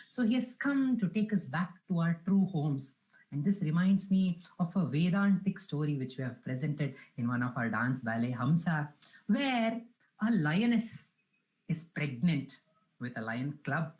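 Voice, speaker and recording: A woman's voice: low voice, animated, measured pace, a little mellow, rough recording. A woman giving a devotional talk, telling a parable in an earnest, reverent way. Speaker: spiritual speaker.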